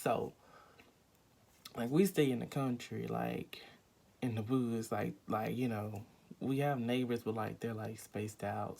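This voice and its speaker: A man's voice: on the low side, creaky, breathy edge. A young man telling a rambling, emphatic storytime vlog at home, full of fillers and acted-out quotes. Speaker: vlogger.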